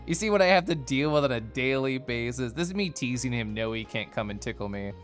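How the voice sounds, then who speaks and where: A male streamer chatting with his viewers in a teasing, giggly way. His pitch swoops up and down constantly. Soft music plays faintly behind him. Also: animated, brisk. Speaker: livestreamer. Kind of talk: casual chat with stream viewers.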